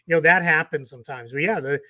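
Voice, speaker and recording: A tired man with a Boston accent co-hosts a casual sports podcast, chatting and rambling through his points with frequent restarts. His voice is on the high side, pushed and bright, and he talks fast.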